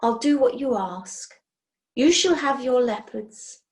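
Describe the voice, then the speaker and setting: A lovestruck witch frets and pleads in a high, emotional voice, as a woman reads her aloud. The storybook telling is slow and drawn out. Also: lively intonation, a little mellow. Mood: weary. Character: lovestruck fretful adult female witch. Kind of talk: storybook reading.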